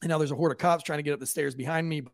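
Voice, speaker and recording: A police officer tells a wild story in a casual, profane way, slipping into the voices of the people involved. His voice is a little high and gravelly, and it is recorded dry and close with no room echo. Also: rapid-fire. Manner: profane, lively, acts out quoted voices.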